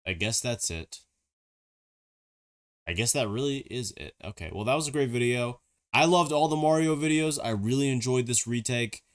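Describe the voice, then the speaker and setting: A man's voice: medium pitch, moderate pace. A man giving casual, joking reaction commentary on videos, rambling through chatty asides.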